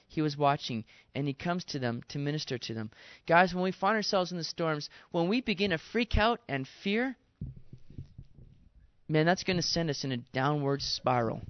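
A man, a pastor, giving a conversational sermon, animated and casual with slangy asides. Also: a little high, moderate pace, dry recording, muffled recording.

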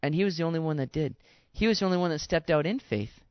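Man preaching in a casual, animated way. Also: a little high, fast, smooth, dry recording, muffled recording. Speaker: pastor. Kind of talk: conversational sermon.

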